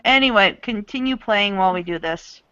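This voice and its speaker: A woman running a tabletop role-play game over voice chat, talking quickly and a little scattered. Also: mid-range voice, a bit bright, clean tone, no room sound. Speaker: game master. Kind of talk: casual game narration. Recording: dull lo-fi voice chat, dry.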